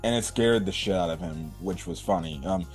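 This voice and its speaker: A man's voice: low voice, moderate pace, slightly rough, faint music behind. A man talking casually in a rambling anime review, with many fillers and casual swearing.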